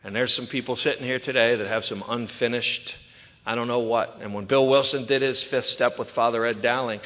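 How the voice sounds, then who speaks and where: A middle-aged man tells his recovery story to a retreat audience, lively and full of quick asides. His voice carries a long reverb from a large hall, and the recording sounds dull and lo-fi. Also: mid-range voice. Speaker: recovery speaker. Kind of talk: personal recovery talk at a retreat.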